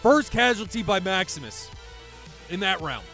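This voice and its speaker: High-pitched excitable male game commentator. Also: moderate pace, vocal fry, soft background music. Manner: excitable, shouts at big moments, swears freely. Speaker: esports commentator. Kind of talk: live play-by-play commentary.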